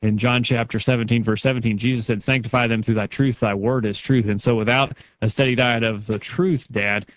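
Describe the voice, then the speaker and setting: A man's voice: medium pitch, steady tone, a little fast, hardly any pauses, highs cut off. A man co-hosting a religious talk show, steadily reading listener feedback aloud and commenting on it. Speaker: radio show co-host.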